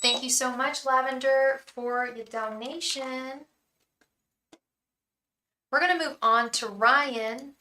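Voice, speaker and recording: A woman's voice: high-pitched, steady tone, takes it slowly, long pauses, sharp tone, reverberant, a little hiss or hum, poor audio. A young woman from the Bay Area hosting a live tarot stream, chatting casually, venting about her day and chanting a repeated invocation to spirit guides. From San Francisco Bay Area.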